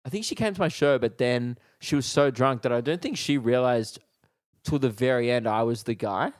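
A man tells a story on a podcast, animated and quick to slip into the voices of the people he describes. His pitch sits in the middle for a man. The sound is dry and close, with no room around it. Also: no echo. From Australia. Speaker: comedian podcast co-host. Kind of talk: casual storytelling chat.

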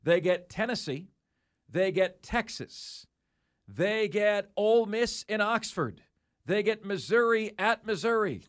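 A man's voice: high-pitched, animated, slow pace. A man hosting a sports talk show, emphatically rattling off schedules with mock disbelief.

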